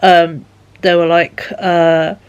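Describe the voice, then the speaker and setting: A woman's voice: on the low side, flat delivery, takes it slowly, smooth. Woman, casual vlog chat, rambling, filler-heavy, tired, yawning. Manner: rambling, lots of fillers and repeated "he said". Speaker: vlogger.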